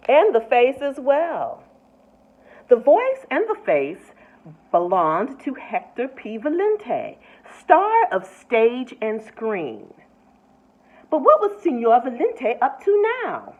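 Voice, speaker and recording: Woman reading a storybook aloud, slow and lilting, fairly high, tinny phone-like sound. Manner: expressive, with asides to listeners. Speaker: nurse reading a picture book aloud.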